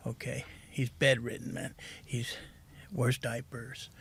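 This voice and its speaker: A middle-aged man telling his recovery story as a podcast guest, soft-spoken and halting, saying "man" often. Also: mid-range voice, fairly even intonation, creaky, slightly rough.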